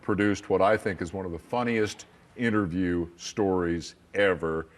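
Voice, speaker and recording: A man hosting a television interview show, prompting his guest with measured questions. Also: low-pitched, fairly even intonation. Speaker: host. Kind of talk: TV interview and presenting.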